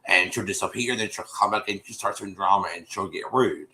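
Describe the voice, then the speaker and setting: Man, casual stream host, rambling retelling, lots of restarts, bright voice. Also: lowish voice, a little fast, poor audio. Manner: rambling, many restarts, addresses listeners as y'all. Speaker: show host recapping an episode. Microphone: streaming setup microphone.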